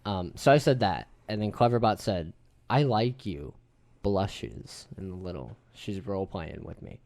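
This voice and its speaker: A man in his thirties hosting a podcast, telling a story to friends in an animated, casual way and swearing freely. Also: low voice, measured pace. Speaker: podcast host. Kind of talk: casual group chat.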